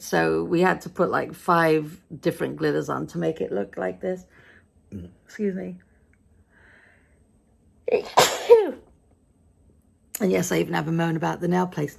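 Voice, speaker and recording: This British vlogger, middle-aged with an English accent, narrates her daily routine casually, grumbling with wry humor and sounding worn out and a little frustrated. She has a lowish, creaky voice.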